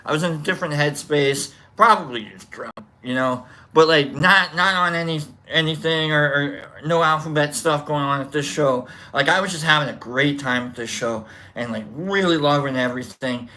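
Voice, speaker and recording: A show host telling a long, rambling story in a casual way and acting out scenes with shouts. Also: medium pitch.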